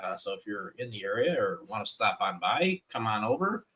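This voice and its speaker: A man chatting casually on a livestream, with a lively, swooping pitch and a bright, forceful tone. He trips over restarts as he talks. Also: fairly quick. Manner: animated, stumbling restarts. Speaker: guest artist.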